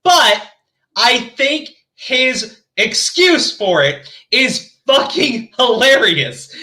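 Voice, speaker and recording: A podcast host talking in a high, bright voice that swings all over as he rants. He swears constantly and slips into mocking voices when quoting people. His chat is loose and casual. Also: sing-song, drawn-out words. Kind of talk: casual profane commentary chat.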